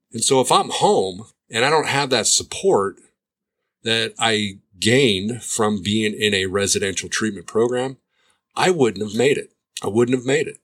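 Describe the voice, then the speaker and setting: A man's voice: lowish voice, fairly bright tone. A man who runs a treatment program, giving a pointed monologue full of sarcastic rhetorical questions. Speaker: addiction treatment provider. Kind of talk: commentary monologue.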